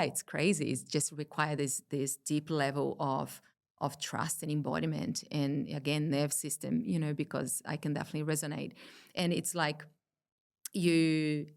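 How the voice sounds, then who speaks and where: Low gravelly-voiced woman guest. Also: normal speed. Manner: earnest, animated when quoting herself. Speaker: podcast guest. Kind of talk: casual spiritual conversation.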